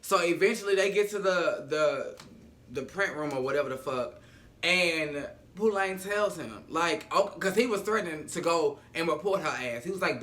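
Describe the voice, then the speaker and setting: Sassy, high-voiced man recapping a show. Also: animated, moderate pace, fairly bright tone. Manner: sassy, profane, dramatic. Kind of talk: casual episode recap.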